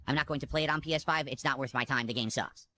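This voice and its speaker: A man's voice: medium pitch, fast talker, sharp tone, dry recording. A man in a played stream clip, complaining emphatically and repetitively about a game. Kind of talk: streamer monologue.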